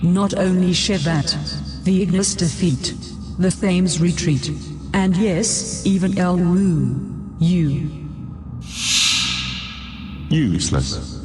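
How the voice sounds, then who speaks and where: A man's voice: sits high, slow pace, long pauses, over music, voice pushed up. A man voicing a cold, contemptuous council of shadowy male elders in a fan dub, with a reverb effect on the voices. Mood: scornful. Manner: contemptuous, menacing.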